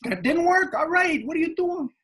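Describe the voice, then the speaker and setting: A man's voice: moderate pace, noisy background. A man voicing happiness as a cheerful figure calling out eagerly to be noticed. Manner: high excited calling.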